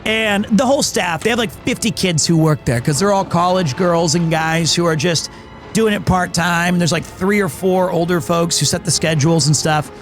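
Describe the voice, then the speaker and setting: A man's voice: high voice, moderate pace, faint music behind. A man streamer chatting casually on a livestream, rambling through an anecdote and acting out the quotes.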